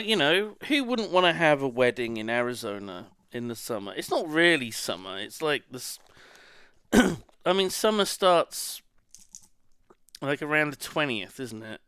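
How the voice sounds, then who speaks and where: A man's voice: a little high, a bit bright, clear, resonant tone, no echo, studio quality. A man chatting casually to his stream audience, rambling as he reacts to chat and swearing now and then. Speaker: live streamer.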